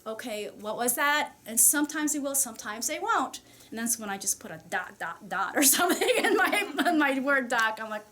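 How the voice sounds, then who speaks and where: A woman's voice: a little high, slight background noise. Chatty woman speaking to a group. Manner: chatty, animated, with frequent fillers and laughs. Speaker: channeler and workshop speaker. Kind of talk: casual talk to an audience. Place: society meeting room.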